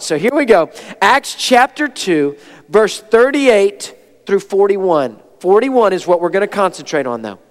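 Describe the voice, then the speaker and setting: A man preaching a sermon as pastor, with an energetic, folksy delivery and quick asides to the congregation. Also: sits high. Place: church sanctuary. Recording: long reverb of a church sanctuary.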